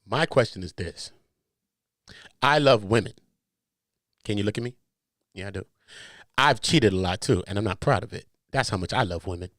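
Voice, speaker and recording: A man's voice: on the low side, moderate pace, pauses often, fairly bright tone, dry recording. A man hosting a podcast, giving profane, joking reaction commentary. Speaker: podcast host.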